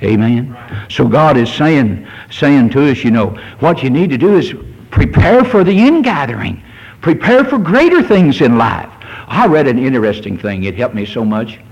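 A sixty-year-old pastor preaches with fervor, his voice gravelly and a little husky. His pitch sits somewhat high and swings widely from line to line as he reads scripture and presses his point. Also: big pitch swings, normal speed, lo-fi sound. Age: 60s. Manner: fervent preaching with scripture reading. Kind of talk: sermon.

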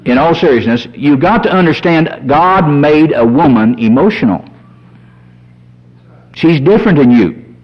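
A man preaching a sermon as a pastor, folksy and animated, telling humorous stories. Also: a little high. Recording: dull lo-fi sermon recording.

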